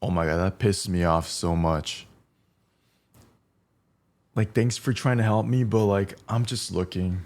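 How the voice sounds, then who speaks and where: A young man cooking on a live stream talks in a lowish, darkish voice, a little slowly and pausing often. His casual chat is blunt and full of swearing, with little hummed tunes between stories.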